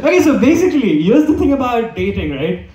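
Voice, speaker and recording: High, animated male stand-up comic. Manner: rambling, lots of fillers and restarts. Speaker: stand-up comedian. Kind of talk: stand-up comedy set. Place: comedy club stage with audience. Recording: echoey room, mic far off. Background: audience laughter.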